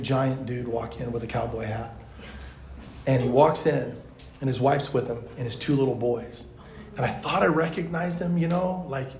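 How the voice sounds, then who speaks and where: A man, a pastor, teaching at a youth conference in a chatty, animated storytelling way, full of fillers. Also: medium pitch, vocal fry, slight background noise. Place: large conference hall. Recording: echoey hall.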